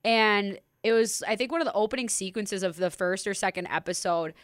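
A woman co-hosting a sports talk show in a chatty, animated manner who laughs often. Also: medium pitch, a little fast, no echo, studio quality. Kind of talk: casual sports talk chat.

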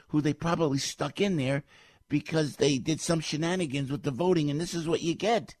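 A middle-aged man, a stage comedian, delivering a heated political rant, indignant and repeating himself, his voice leaping up and getting loud when riled. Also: fairly high pitch, dry recording, clean studio sound. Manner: repeats phrases, restarts sentences.

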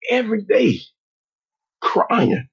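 A man voicing a worried adult father who pleads for help in an earnest, halting way. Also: high-pitched, wildly swooping pitch, vocal fry, slightly rough, muffled recording, voice pushed up, heavily acted.

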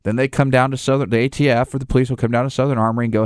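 A man's voice: medium pitch, flat delivery, rapid-fire, hardly any pauses, clear, resonant tone, no room sound, studio quality. A man who runs a gun store, talking casually in rambling restarts and acting out little scenes with other people's voices. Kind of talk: casual conversation.

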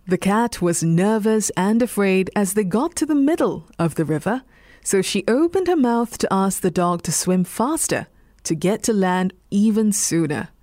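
A woman with a Singaporean English accent, reading a bedtime story in a slow, soothing voice. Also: medium pitch, dry recording, studio quality. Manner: slow, soothing, lively intonation.

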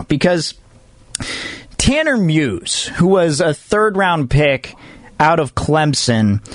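A man's voice: a little high, dry recording, clean studio sound. A man hosting a sports talk show, chatting casually and rambling, with fillers and restarts. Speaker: sports radio host.

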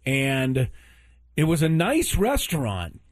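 A man's voice: on the high side, wildly swooping pitch, slow, a crowd in the background. A man telling a story in casual chat, acting out the dialogue with exasperation. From Southern California.

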